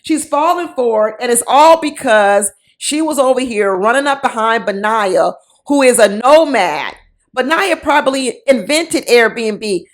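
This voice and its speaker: A woman's voice: on the high side, expressive, a little slow. A woman giving casual, sassy commentary on a reality show, mocking the people in it with quoted voices.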